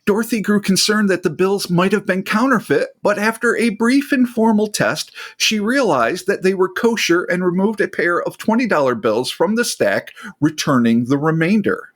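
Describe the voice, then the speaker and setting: A podcast host telling a strange tale in casual chat, reading passages aloud and breaking off for jokes and swearing. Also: male voice, sits high, lively intonation, normal speed, few pauses.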